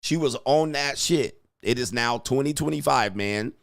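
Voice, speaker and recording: Male host, mid-pitched, rambling profane banter, dry room. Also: normal speed, gravelly, no echo. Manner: joking, laughs at his own lines, keeps saying "all right". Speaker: commentary show host and dating coach. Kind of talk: casual profane commentary.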